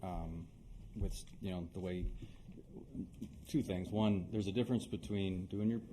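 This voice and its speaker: A man's voice: sits low, steady tone, a little slow, mellow, a little hiss or hum, rough recording. A man politely advising a town board, explaining rules step by step. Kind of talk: meeting advice.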